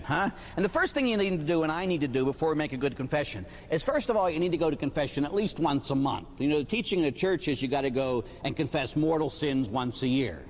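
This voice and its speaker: A man who is a Catholic priest, giving an animated sermon with rhetorical questions and little stories. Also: a little high, slight background noise. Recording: hall reverb.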